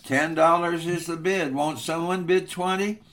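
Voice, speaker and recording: A man's voice: on the high side, fairly even intonation, unhurried, a bit bright, voice pushed up. A man voicing a persistent male auctioneer who calls out bids insistently in a retold story. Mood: calling.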